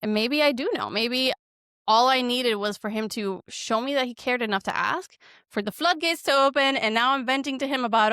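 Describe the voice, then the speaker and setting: A woman therapist in her thirties or forties, chatting on a podcast and acting out quoted lines with lively shifts. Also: a little high, moderate pace, clean tone, no echo, studio quality. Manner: animated, acts out quoted lines. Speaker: marriage and family therapist guest. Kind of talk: casual podcast conversation.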